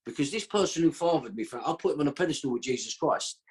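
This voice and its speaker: A man's voice: fairly high pitch, animated, quick pace, breathy edge. A man telling a long story as a podcast guest, rambling and slangy, with a streetwise way of talking. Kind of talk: casual storytelling.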